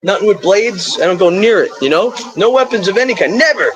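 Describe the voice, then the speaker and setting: A man's voice: high voice, expressive, a little fast, a crowd in the background, poor audio. A middle-aged man talking to his live stream in a rambling, stream-of-consciousness way, drifting into spiritual asides.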